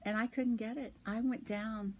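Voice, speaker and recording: A woman's voice: fairly high pitch, steady tone, moderate pace, a little hiss or hum. A middle-aged woman hosting a podcast from her yarn shop, chatting casually and laughing often as she tells stories and shows knitting patterns. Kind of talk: casual chat about knitting.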